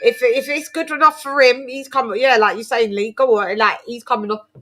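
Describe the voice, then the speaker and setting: A woman hosts a casual boxing chat with a bright, ringing voice pitched a little high. She talks in an animated, playfully over-the-top way, tripping over her words and restarting often. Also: a little fast, faint music behind. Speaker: boxing show host.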